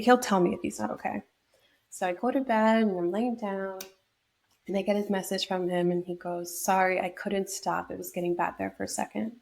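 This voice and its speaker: A woman's voice: mid-range voice, creaky, a little mellow. A young woman from New York state, a podcast guest telling a personal story in a reflective way, with many fillers and restarts. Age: young adult.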